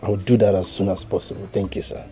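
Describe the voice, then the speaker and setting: An actor with a Nigerian accent playing a humble, eager young suitor. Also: male voice, low-pitched, little pitch movement, fast talker, mellow, faint music behind, close to an everyday voice. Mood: grateful.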